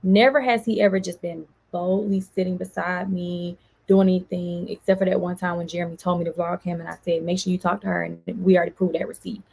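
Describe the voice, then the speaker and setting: A woman vlogger, venting in an animated storytime and quoting others as she goes. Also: fairly low pitch, a little fast, creaky, hardly any pauses, husky. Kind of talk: casual storytime vlog.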